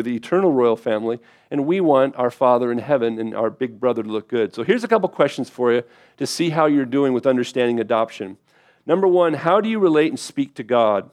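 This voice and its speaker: A man preaching a sermon as pastor, speaking casually, asking his listeners questions and slowing down when reading scripture aloud. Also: medium pitch, darkish tone. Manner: conversational preaching, asks the congregation questions; slows down to read scripture aloud.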